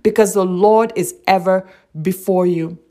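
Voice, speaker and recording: With a mellow, steady, medium-pitched voice and a measured pace, a woman gives a devotional sermon. Earnestly reading scripture, she repeats phrases and raises rhetorical questions.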